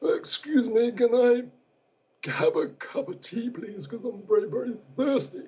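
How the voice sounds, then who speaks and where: Guy doing a squeaky posh old royal, fussy and mocking, way up high. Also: animated, measured pace, husky, dull audio, exaggerated voice. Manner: high exaggerated mocking impression.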